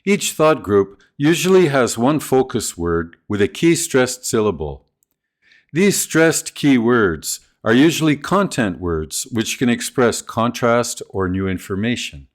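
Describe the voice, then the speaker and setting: Man narrating a teaching video, lively pitch. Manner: clear, deliberate, instructional. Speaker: ESL teacher trainer.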